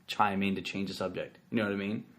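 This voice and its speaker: A man's voice: low-pitched, flat delivery, fast, a bit bright, slight background noise. A young man hosting a podcast, rambling and self-mocking as he retells his stand-up bits. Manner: rambling, self-mocking, sings ringtone sounds and does bits. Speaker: podcast host and comedian. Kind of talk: casual chat.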